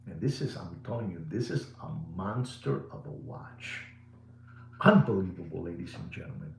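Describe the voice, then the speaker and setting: A middle-aged man hosting a live watch sales show. He is repetitive and showy, swings between booming and hushed delivery, and slips Spanish words into his English. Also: expressive, normal speed, creaky, a little hiss or hum. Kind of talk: live sales pitch to viewers. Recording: roomy echo.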